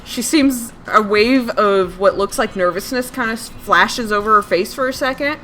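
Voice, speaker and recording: A woman with a fairly high voice narrates as game master, pausing and restarting mid-sentence and laughing often. Faint hiss sits under the recording. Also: bright, forceful tone.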